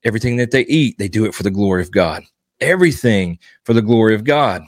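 A man's voice: lowish voice, lively intonation, fast, no room sound, clean studio sound. A man giving earnest devotional teaching as a Baptist preacher, exhorting his listeners and driving points home with repetition.

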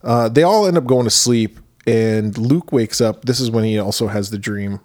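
A man's voice: on the low side, moderate pace. Male podcast co-host, loose and rambling, gets worked up retelling a movie. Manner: rambling, animated retelling, swears freely. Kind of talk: casual movie-recap chat.

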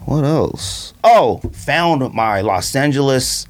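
A man's voice: medium pitch, slow pace, a little hiss or hum. A man hosting a podcast in casual chat, telling stories with lots of laughter and quoted asides. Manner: animated storytelling, laughs often, acts out quotes. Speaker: podcast host. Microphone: studio microphone.

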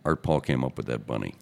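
A very low, gravelly older man from Chicago holds court in a podcast booth. His pitch swoops widely as he acts out the people in his stories. He is a seasoned newspaperman telling tales to his hosts. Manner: animated anecdotes, acting out quotes in other voices. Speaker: newspaperman and radio host, podcast guest. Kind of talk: casual storytelling interview.

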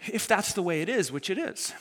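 A male pastor preaching an animated, emphatic sermon to a congregation, acting out the people he quotes. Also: sits high, fairly quick, in a large hall. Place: church auditorium with a live congregation.

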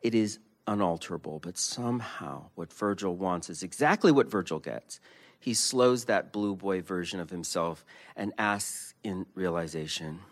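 A man, a poet, reading his prose aloud and then chatting casually about his art, animated and given to quick mimicry. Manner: animated, jumps into high-pitched mimicry of others. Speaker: poet and guest.

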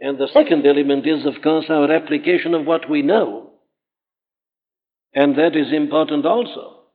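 A man's voice: a little high, normal speed. A man preaching a sermon, earnest and emphatic, his voice climbing sharply when he presses a point. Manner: earnest, emphatic, rising to exclamations. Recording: tinny phone-like old hall recording with long reverb.

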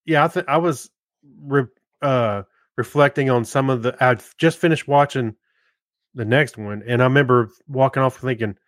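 A man co-hosting a casual podcast, agreeing often and speaking in halting restarts. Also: mid-range voice, no echo, studio quality. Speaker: podcast co-host. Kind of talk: casual chat.

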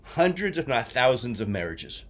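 A man in his forties from New Jersey, co-hosting a casual chat and telling stories he acts out with shouts. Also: medium pitch, normal speed, slight background noise. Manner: animated storyteller, acts out shouts. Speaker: podcast co-host.

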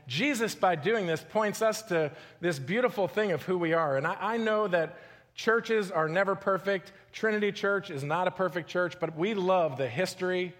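A man's voice: high-pitched, moderate pace, fairly bright tone. A man in his forties preaching a sermon as a pastor, talking in a loose storytelling way and often repeating words as he restarts. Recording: long hall reverb.

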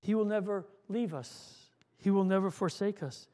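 Man, pastor, high voice, earnest sermon, repeats words. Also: normal speed, a little mellow. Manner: earnest preaching, repeats words, acts out a joke story.

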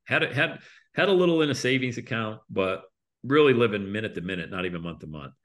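A middle-aged man telling his story in a casual interview, animated and acting out other people's voices. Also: medium pitch, fast talker. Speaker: guest speaker and coach.

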